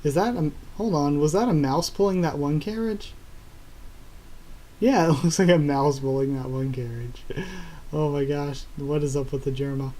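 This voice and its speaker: A man reading through a comic chapter live and reacting casually, excitable and laughing often. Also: fairly high pitch, moderate pace. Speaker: YouTuber reacting to a manga chapter.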